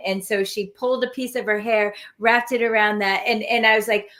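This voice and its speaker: A woman hosting a casual panel chat on a video call, emotional and halting, with many fillers and restarts. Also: medium pitch, fairly bright tone.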